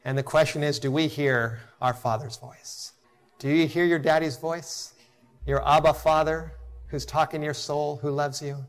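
A middle-aged man delivers a sermon in a slightly high voice. He builds to emphatic, impassioned peaks and then falls soft and quiet. When he tells stories, he acts out the quotes. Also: fairly even intonation, moderate pace. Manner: storytelling with acted quotes. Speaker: preacher.

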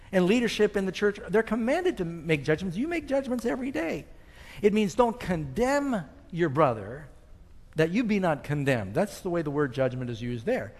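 A man preaching a sermon with emphatic delivery, quoting scripture and asking the congregation questions. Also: on the high side. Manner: emphatic, rising and falling with scripture quotes, asks the audience questions. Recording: long hall reverb.

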